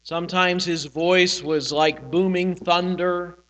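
A man preaches a sermon in a high, bright voice. He swells and drops his volume for emphasis, and a long hall reverb trails his words. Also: fairly even intonation, takes it slowly. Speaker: pastor.

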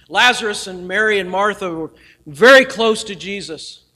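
A man preaching a sermon earnestly, swinging from loud emphasis down to near-whispers. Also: high voice. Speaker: pastor.

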